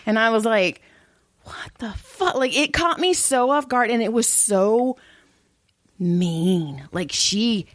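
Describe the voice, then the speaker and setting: A woman's voice: on the high side, lively intonation, takes it slowly, no room sound, studio quality. A middle-aged woman co-hosting a podcast, casually telling profane family stories and acting out what everyone said. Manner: blunt, profane storytelling with acted-out quotes. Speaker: podcast co-host. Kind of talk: casual chat.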